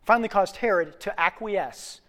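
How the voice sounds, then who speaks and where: A preacher delivering a sermon as an animated storyteller. The voice drops low and soft for reflection, then climbs loud and fast as the story heats up. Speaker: pastor.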